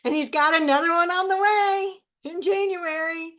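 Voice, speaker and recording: A woman's voice: very high-pitched, moderate pace, fairly bright tone. An older woman hosting an online group call, chatting casually in a playful way and laughing easily. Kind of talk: casual chat. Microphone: video call.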